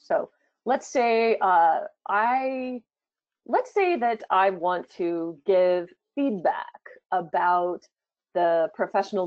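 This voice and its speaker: A woman presenting a live product demo, talking it through casually with fillers as she goes. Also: no room sound. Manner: chatty, thinking aloud with fillers. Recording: dull low-fidelity sound.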